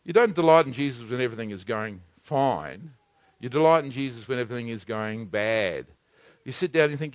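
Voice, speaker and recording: A man preaching a sermon, swinging between loud exhortation and hushed, intimate asides. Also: mid-range voice, lively intonation, fairly quick, dry recording.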